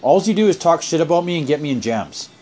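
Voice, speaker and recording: A man's voice: on the high side, lively intonation, quick pace, background noise. A man in a heated phone argument, lecturing angrily and swearing a lot. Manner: angry, profane, lecturing. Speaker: caller in a family phone argument.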